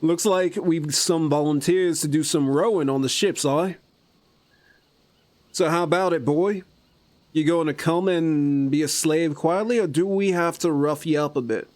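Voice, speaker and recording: A man voicing a gruff, bullying male pirate who taunts his captives in a drawling put-on accent. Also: fairly high pitch, expressive, normal speed, few pauses, natural voice. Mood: taunting. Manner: menacing, mocking drawl with an odd put-on accent.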